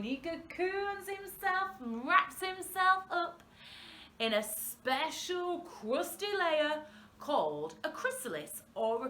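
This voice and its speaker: Heard in a roomy space with slight hiss or hum, a young woman with a fairly high voice runs a singalong workshop for little primary schoolers. She stretches her words out, cheering the children on in a lively way.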